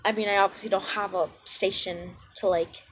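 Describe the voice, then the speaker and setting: A woman's voice: medium pitch, fairly even intonation, moderate pace, a bit bright, a little hiss or hum. A woman in a casual vlog, rambling and self-deprecating, full of ums and side-tracks, talking into a cheap headset mic. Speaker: channel owner.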